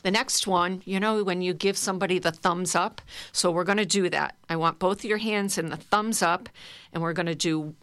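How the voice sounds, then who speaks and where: A middle-aged woman leading a guided laughter exercise class, playful, breaking into high silly laughs and fake sneezes. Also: fairly even intonation, normal speed, fairly bright tone, no echo. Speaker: laughter yoga leader.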